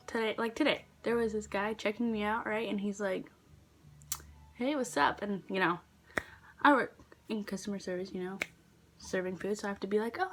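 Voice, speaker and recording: With a medium-pitched voice and a little hiss or hum in the audio, a teenage vlogger tells casual work stories. She's chatty, uses lots of fillers, and sometimes whispers.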